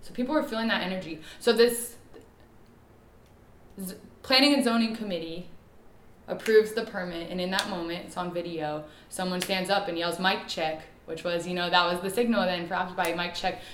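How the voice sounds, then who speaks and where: A woman, an activist telling her story in an interview with emphatic, animated delivery. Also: fairly low pitch, echoey room, slight background noise.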